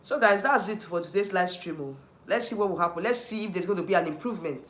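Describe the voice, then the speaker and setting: In an echoey room, a man with a Nigerian accent hosts a YouTube livestream, talking fast in a high, fairly bright voice. He rants heatedly, repeats himself, restarts often and answers the chat as he goes.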